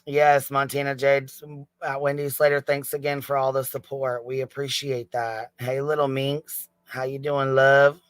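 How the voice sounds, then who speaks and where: A man's voice: mid-range voice, little pitch movement, measured pace, clean tone, dry recording. A man hosting a casual livestream, swearing freely, giggling and thanking chat members. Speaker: livestream host.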